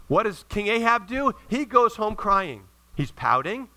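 A middle-aged male pastor preaching a sermon, retelling stories in a lively way and acting out the characters' lines. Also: sits high, a little slow, hardly any pauses, rough recording. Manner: animated storytelling with acted-out quotes.

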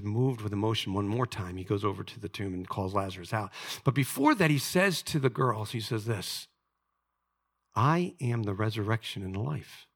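A man preaching a sermon as pastor, moving between soft confiding storytelling and loud, fervent peaks. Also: medium pitch, creaky. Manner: drops to soft confiding tones for personal story.

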